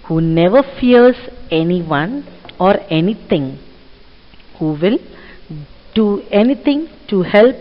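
A woman teacher, explaining a reading passage to children slowly and asking them questions. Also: lowish voice. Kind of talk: classroom reading lesson. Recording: muffled audio with long reverb.

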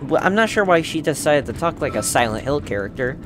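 A man's voice: on the high side, very animated, a little fast, music in the background. A young man doing casual, joking gaming commentary, swearing and laughing at himself. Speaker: let's play gamer.

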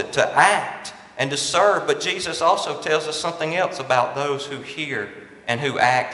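Preacher man, bright punchy voice, big echoey church, repeats his points. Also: a little high. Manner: emphatic preacher, repeats and stresses key phrases. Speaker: pastor. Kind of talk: sermon. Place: large church sanctuary. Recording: echoey church hall with long reverb.

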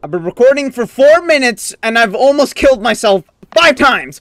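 A gaming YouTuber giving let's play commentary, raging and swinging between sudden yelps and low muttering. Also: expressive, a little slow, hardly any pauses, no room sound.

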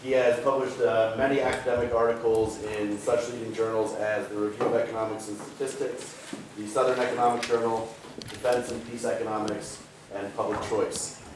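A man's voice: lowish voice, flat delivery, brisk. A man introducing a guest speaker at a university event, formally reading out his credentials. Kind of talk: read-out introduction. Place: lecture hall. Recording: distant mic in a very echoey hall, noisy.

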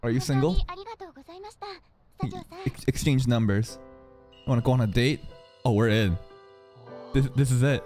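A man reacting live to an anime episode, excitable and profane, talking back at the screen. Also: medium pitch, unhurried, long pauses, faint music behind.

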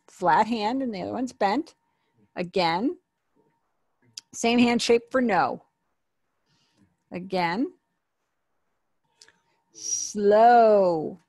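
Slow, patient woman teaching a class. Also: medium pitch, darkish tone, husky, dry recording. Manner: patient, explains slowly and repeats words. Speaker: sign language teacher. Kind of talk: online class instruction.

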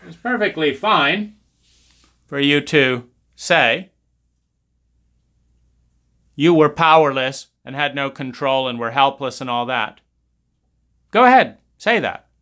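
Male trauma teacher, slow and deliberate, bright tense tone, intense and profane. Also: mid-range voice. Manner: intense, profane, repetitive emphasis. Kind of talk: impassioned monologue.

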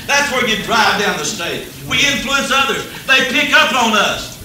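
Very high-pitched and animated, this preacher moves at a moderate pace through a folksy revival sermon. He's funny, chuckles constantly, and reaches fervent peaks. It comes from an old echoey tape of a church service, recorded at a distance with faint hiss.

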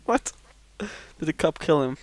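A young man chatting over a game with a friend, laughing often and blurting out swears when excited. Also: high-pitched, breathy edge. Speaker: gamer co-host. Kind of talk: casual gaming commentary.

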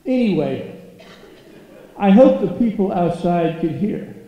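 A man's voice: sits high, very animated, takes it slowly. A man giving a humorous, self-mocking keynote talk at a stage microphone in a large hall. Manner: self-mocking, comic timing. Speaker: keynote speaker. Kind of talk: humorous storytelling speech. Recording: echoey hall, dull lo-fi sound.

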